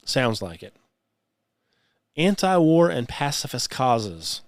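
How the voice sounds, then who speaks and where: A man's voice: medium pitch, big pitch swings, unhurried, dry recording, clean studio sound. A man hosting his own show, talking alone in a sarcastic, scoffing way with folksy phrasing. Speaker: podcast host. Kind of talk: solo commentary.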